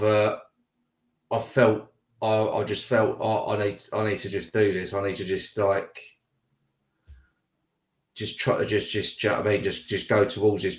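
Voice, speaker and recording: A man in his thirties hosting an interview, talking in a heated, rambling way and repeating words as he goes. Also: lowish voice. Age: 30s. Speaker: interview host. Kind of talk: casual interview chat. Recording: echoey room.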